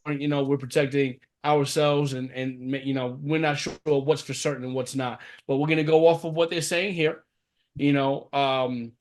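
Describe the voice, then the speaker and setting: A man co-hosting a casual podcast, laid-back and laughing, with many fillers. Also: on the high side. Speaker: podcast co-host.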